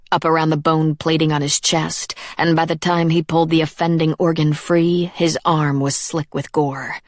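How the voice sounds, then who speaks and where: A woman narrating a dark fantasy audiobook in a measured, even storytelling manner. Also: low-pitched, no room sound, studio quality. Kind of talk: scripted narration.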